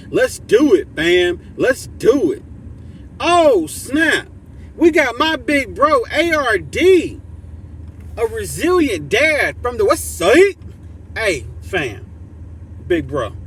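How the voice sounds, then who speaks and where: A man hosting a motivational livestream, talking casually and emphatically to his community and reading chat messages aloud. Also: slight background noise. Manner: drops to soft low voice for heartfelt thanks.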